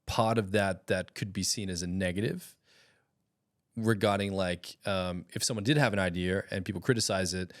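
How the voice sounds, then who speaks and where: A man hosting a podcast, asking long, relaxed questions in a casual conversation. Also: low-pitched, normal speed, no room sound, clean studio sound. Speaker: podcast host. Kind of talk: conversational interview.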